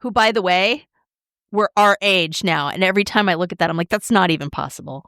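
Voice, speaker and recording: A woman's voice: on the low side, brisk, no echo, studio quality. Candid, chatty middle-aged woman. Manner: candid, animated, says "like" and "right?" a lot. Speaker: podcast co-host. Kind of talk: casual chat.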